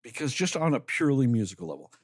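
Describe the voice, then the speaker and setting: A man's voice: medium pitch, sing-song, quick pace, slightly rough, dry recording, clean studio sound. A man co-hosting a podcast, ranting in a heated, emphatic way and swearing freely. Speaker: podcast co-host. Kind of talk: casual podcast chat.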